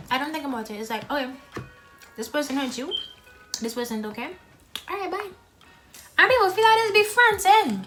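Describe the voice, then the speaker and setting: A young woman who films herself eating at home and chats to the camera in a blunt, frank way, talking between bites. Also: sits high. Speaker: mukbang vlogger. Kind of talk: casual talk while eating.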